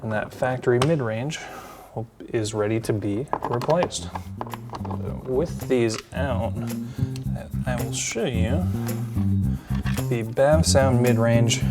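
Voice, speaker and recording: A man's voice: medium pitch, takes it slowly, pauses often, loud music behind the voice. Casual man explaining a hands-on install. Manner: relaxed, conversational, with frequent ums and uhs. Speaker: installation instructor. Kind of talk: step-by-step how-to demonstration.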